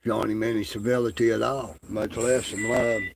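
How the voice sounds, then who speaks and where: A man's voice: on the low side, little pitch movement, fairly quick, creaky, a little hiss or hum. A man ranting in crude, profane, mocking commentary, drawling with lots of fillers. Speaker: online commentator.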